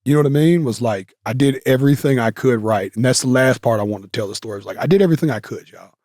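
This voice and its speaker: A man's voice: mid-range voice, fast, darkish tone, no echo, clean studio sound. A male guest telling stories in a casual interview, rambling with many fillers and restarts. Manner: rambling, filler-heavy, with self-corrections.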